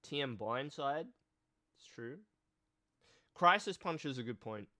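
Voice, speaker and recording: A male streamer with a nasal, cold-stuffed voice, chatting slowly and thoughtfully on a casual live stream. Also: medium pitch, lively intonation, bright, forceful tone, no room sound, clean studio sound. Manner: slow, thoughtful, reads chat aloud. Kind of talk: casual live-stream chat about card games.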